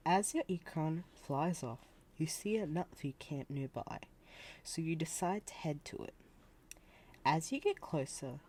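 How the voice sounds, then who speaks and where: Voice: medium pitch, dark tone. A storyteller earnestly narrating a second-person fan story set in a game world.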